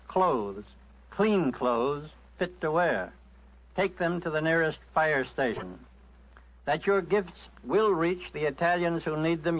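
A man's voice: fairly high pitch, fairly bright tone. A man giving a solemn, urgent public appeal over the radio. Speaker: guest speaker. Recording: dull lo-fi old radio recording.

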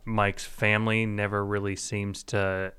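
A man's voice: on the low side, little pitch movement, unhurried, bright, forceful tone, clear, resonant tone. A man hosting a podcast, talking in loose, meandering casual chat. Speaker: podcast host.

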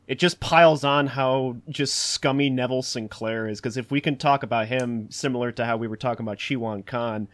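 A man co-hosting a casual film podcast, chatty and quick to jump in and agree with the others. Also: mid-range voice. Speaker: podcast co-host.

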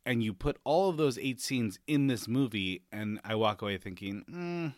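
A man's voice: lowish voice, moderate pace, no room sound, clean studio sound. A man co-hosting a podcast in casual chat, chatty, reading from notes and laughing easily. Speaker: podcast co-host.

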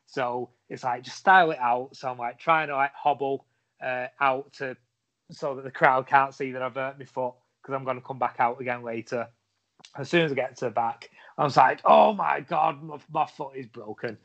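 A man's voice: medium pitch, little pitch movement, moderate pace, fairly bright tone. A man, a wrestler guest on a podcast, telling a long story with lots of fillers and restarts. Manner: rambling anecdotes with many fillers and restarts. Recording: dull lo-fi audio.

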